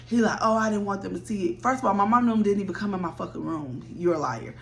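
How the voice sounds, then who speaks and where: Young woman, blunt and animated, talks straight to her viewers, swears freely; light background hum. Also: mid-range voice, fast talker, vocal fry, hardly any pauses. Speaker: storyteller. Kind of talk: casual story time.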